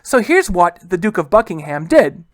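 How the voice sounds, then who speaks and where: His voice is high and sing-song, with no echo, as he runs a casual history lesson. Frequent "guys" and rhetorical questions fill the chatty talk, along with quick quoted bits where he acts out historical figures.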